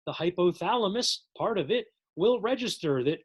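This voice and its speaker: A man's voice: high-pitched, animated, moderate pace, hardly any pauses, husky. A man teaching a psychology lesson in a casual, jokey recorded lecture, addressing his viewers as folks.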